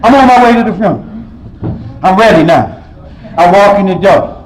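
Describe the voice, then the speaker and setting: A man sharing his personal story at a recovery meeting, telling it with emotion, swinging from loud outbursts to quiet low stretches. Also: brisk, poor audio. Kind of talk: personal testimony.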